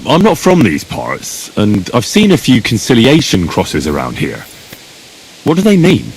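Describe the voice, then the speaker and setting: A man's voice: mid-range voice, huge pitch swings, unhurried, husky, heavily acted, poor audio. An actor playing an earnest young man in a video game who keeps asking questions. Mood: curious. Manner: inquisitive, earnest.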